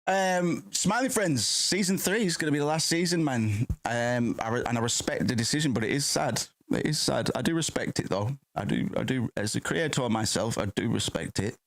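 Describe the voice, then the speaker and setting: A man's voice: mid-range voice, moderate pace, hardly any pauses, no echo. A man hosting a gaming stream, chatting casually and rambling with offhand swearing while he plays. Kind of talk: casual let's-play commentary.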